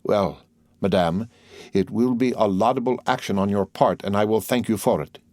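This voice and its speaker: A man voicing a stern male magistrate who calmly and contemptuously accuses his wife in an audiobook. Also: lowish voice, moderate pace, no echo, studio quality, lightly acted. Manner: calm, contemptuous interrogation. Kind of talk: audiobook character voice.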